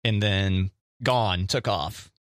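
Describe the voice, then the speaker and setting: A man's voice: fairly low pitch, slow pace, fairly bright tone, smooth, no room sound, clean studio sound. A man co-hosting a casual chat show, a jokey rambling storyteller who hums little sound effects. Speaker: podcast co-host.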